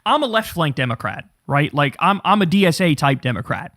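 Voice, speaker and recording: A man's voice: a little high, very animated, fairly quick, fairly bright tone, no echo, clean studio sound. A man hosting a political commentary show, ranting in a fiery, profane and sarcastic way.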